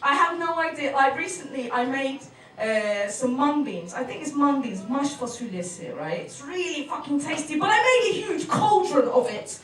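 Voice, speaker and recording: A woman's voice: sits high, expressive, moderate pace, fairly bright tone. A woman comedian, doing a brash, swearing, self-mocking stand-up set. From Turkey. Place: comedy venue with an audience. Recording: roomy venue sound from a distance.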